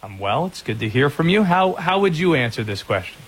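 A man's voice: fairly high pitch, big pitch swings, husky. A man hosting a call-in sports radio show, upbeat and joking with callers. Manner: upbeat, joking, quick asides.

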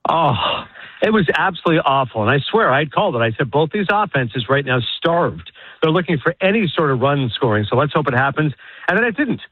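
A man, a guest on a sports radio show, ranting in rapid, animated, opinionated bursts over a phone call. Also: fairly high pitch, no room sound. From Canada. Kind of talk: casual sports radio chat. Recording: tinny phone line.

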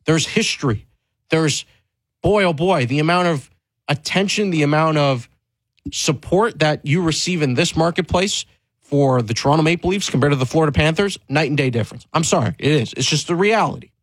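A man's voice: a little high, a little fast, no room sound, low-quality recording. A man hosting a sports talk show, speaking emphatically and candidly, pressing his points with rising stress and frequent restarts.

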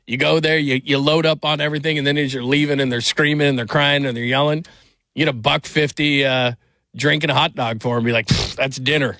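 Male radio host, bright and forceful, rambling jokey banter, dry studio sound. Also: fairly high pitch, steady tone, brisk, no echo. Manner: rambling, jokey, with many restarts. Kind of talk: casual chat.

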